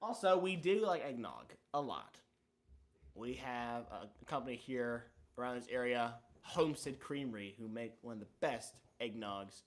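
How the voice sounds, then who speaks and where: A man's voice: mid-range voice, expressive, normal speed. A man hosting a casual livestream chat, telling stories in a playful, joking way. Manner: playful, jokey storytelling. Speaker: livestream host.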